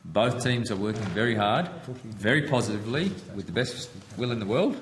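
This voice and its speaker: A man testifying before a parliamentary committee, answering in a measured, hesitant way with frequent restarts. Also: on the low side, expressive, a little hiss or hum. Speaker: company executive answering senators. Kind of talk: formal hearing testimony.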